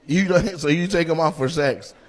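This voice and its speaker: A man doing stand-up crowd work in a comedy club, teasing audience members with loud banter and putting on their voices. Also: on the high side, normal speed, a little hiss or hum. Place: comedy club stage before a live audience. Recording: faint crowd ambience, audience laughter.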